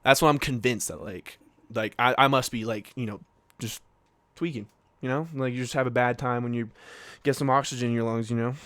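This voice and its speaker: A man's voice: mid-range voice, brisk, no room sound. Young man telling a wild story. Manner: animated, swearing, many filler likes. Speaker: podcast co-host. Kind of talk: casual storytelling chat.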